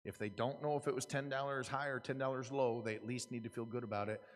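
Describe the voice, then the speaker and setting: An American man speaks to a room of auctioneers in an easy, conversational way. His voice sits at an ordinary pitch, and he often stops and restarts a thought before pushing on. The sound carries a long reverb, like a large hall. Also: fairly even intonation, fast talker. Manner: casual, repeats and restarts, earnest. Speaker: auctioneer giving a seminar talk. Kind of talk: conversational lecture to a live audience. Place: conference room.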